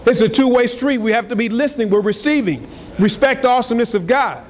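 High-voiced preaching man in a hall. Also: fast, slight background noise. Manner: energetic preaching, swings loud and soft. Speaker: pastor. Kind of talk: sermon. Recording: hall reverb with faint ambience.

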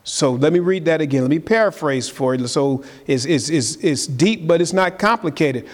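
A man preaches from the pulpit in a voice pitched a little high, talking earnestly and building toward emphatic peaks. His words ring out with a long reverb, as if filling a large church sanctuary. The delivery is a live sermon to a gathered and online congregation. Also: animated, normal speed, few pauses, a little mellow. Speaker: pastor.

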